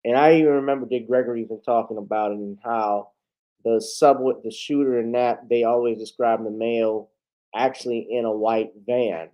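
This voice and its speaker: A man's voice: medium pitch, fairly even intonation, moderate pace, mellow, low-quality recording. Rambling male news commentator. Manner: loose, rambling, with frequent fillers. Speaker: host.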